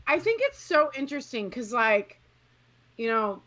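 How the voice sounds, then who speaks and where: A woman co-hosting a casual chat, loud, excitable and quick to swear and laugh. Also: on the high side, dull audio. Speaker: podcast co-host.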